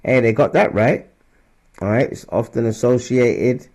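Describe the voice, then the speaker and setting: A man gives informal scripture teaching in a medium-pitched, darkish voice, speaking a little slowly with long pauses. His delivery is loose and conversational, peppered with check-ins like "all right?" and "man," and he gets louder when reading verses aloud. He is a religious teacher.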